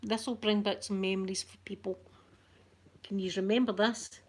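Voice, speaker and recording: A middle-aged Scottish woman hosting a soft-spoken ASMR vlog, chatty and rambling, with local words like wee and yous. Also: mid-range voice, fairly even intonation, normal speed, a little hiss or hum. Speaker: ASMR channel host.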